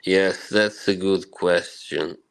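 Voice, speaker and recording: A man's voice: low-pitched, steady tone, takes it slowly, vocal fry, clear, resonant tone, low-quality recording. A man hosting a live stream, casually chatting and answering viewer comments, chuckling often between remarks.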